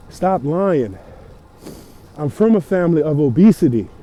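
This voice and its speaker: Dark-voiced New man preaching fitness. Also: fairly high pitch, very animated, measured pace. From Louisiana. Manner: preachy, emphatic, repeats himself. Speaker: fitness vlogger. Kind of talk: motivational rant. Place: outdoors riding a bike in cold weather.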